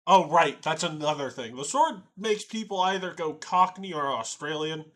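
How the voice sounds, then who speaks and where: A man narrating a tabletop game as its game master. His bright, fairly high voice explains rules and lore in a chatty, easygoing way. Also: animated. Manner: chatty, explanatory, quick to laugh.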